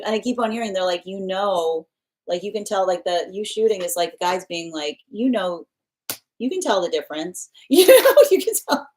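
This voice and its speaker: Woman, live-stream tarot host at home; casual, chatty, quick to laugh. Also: medium pitch. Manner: chatty and loose, laughs often, restarts sentences. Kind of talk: casual live-stream chat, reading viewer comments. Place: at home with her pet nearby.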